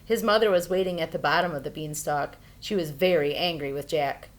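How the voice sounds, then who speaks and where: Low-voiced woman reading a storybook. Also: a little fast. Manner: expressive, playful reading. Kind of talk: children's storybook read-aloud.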